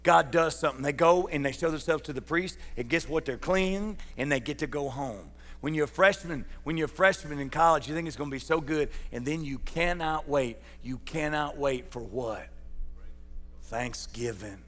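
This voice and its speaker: A man preaches in a church sanctuary, his fairly high voice ringing with a long reverb. He keeps it folksy and calls out to people in the pews. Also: normal speed, fairly bright tone, faint music behind. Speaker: pastor. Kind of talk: sermon.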